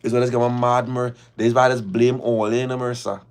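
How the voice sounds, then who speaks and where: A man's voice: mid-range voice, level tone, fast talker, clear, resonant tone. A man hosting a casual live stream, talking emphatically, repeating phrases and firing rhetorical questions.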